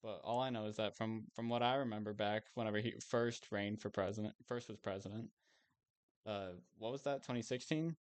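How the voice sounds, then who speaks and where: A man's voice: lowish voice, steady tone, a little fast, smooth. A young man chatting casually while streaming a game, rambling and self-amused, swearing now and then.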